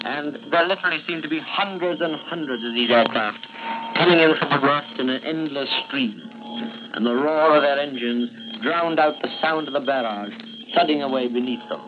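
A man's voice: on the high side, moderate pace. Man giving an eyewitness war report. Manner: descriptive, eyewitness narration. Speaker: war correspondent. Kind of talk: archival eyewitness radio report. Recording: muffled 1940s radio archive with hiss.

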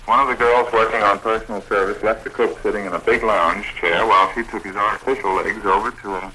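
Bright-toned man in a 1940s radio interview. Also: on the low side, steady tone, quick pace, slightly rough, low-quality recording. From United States. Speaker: Red Cross program director.

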